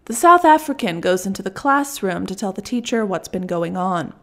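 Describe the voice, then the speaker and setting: A woman's voice: medium pitch, expressive, normal speed, fairly bright tone. A woman narrating a first-person story in a wry, dry storytelling manner.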